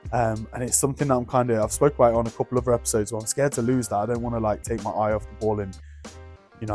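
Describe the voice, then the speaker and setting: A young man in casual chat as a travel vlogger and illustrator, rambling and musing aloud in a low murmur at an outdoor café and in city streets. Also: darkish tone.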